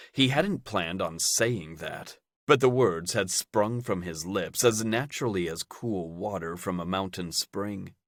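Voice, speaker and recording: A male narrator reads a romance audiobook in a very deep voice. His storytelling is steady and unhurried, and the recording is close and dry. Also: no room sound.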